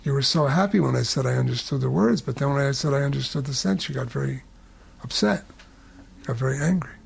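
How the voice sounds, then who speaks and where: A man voicing an earnest, anxious male scholar in a told story, startled and pleading, with a gravelly voice. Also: medium pitch, fast talker, heavily acted.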